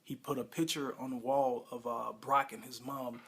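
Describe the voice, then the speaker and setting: A man's voice: medium pitch, level tone, normal speed, fairly bright tone, husky. A man casually reviewing a TV episode, recapping it in a rambling, plain-spoken way.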